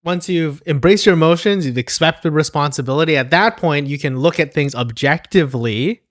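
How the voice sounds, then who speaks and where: A man's voice: fairly high pitch, normal speed. A man co-hosting a casual podcast chat, rambling a little and often laughing at himself. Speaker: podcast co-host.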